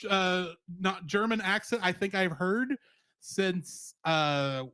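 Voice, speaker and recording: A man with a high, very lively voice co-hosts a casual review podcast. He talks animatedly and laughs often. The sound is dry and close. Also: takes it slowly, clean tone, no room sound. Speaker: podcast co-host.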